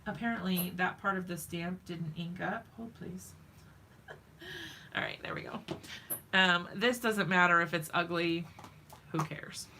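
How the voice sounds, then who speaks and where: A woman's voice: lowish voice, expressive, measured pace, pauses often, pushed and bright, slight background noise. A woman hosting a craft live stream, chatting casually and giggling with viewers in the chat while she works at home.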